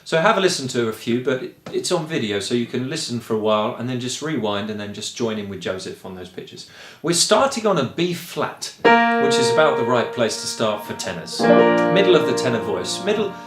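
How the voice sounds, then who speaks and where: A man from England with a Kent accent, a choir director explaining singing in a relaxed, rambling way with frequent ums. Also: mid-range voice, fairly quick, echoey room, music in the background. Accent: Kent English. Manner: chatty and rambling, with frequent ums and light laughs. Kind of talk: relaxed spoken lesson.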